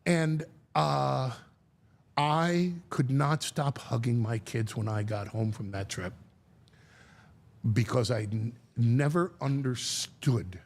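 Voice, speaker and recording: A man talking as a guest, telling a story in a lively way, acting out quotes and often restarting his sentences. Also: mid-range voice, husky. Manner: animated storyteller, acts out quotes, halting restarts. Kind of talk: storytelling chat.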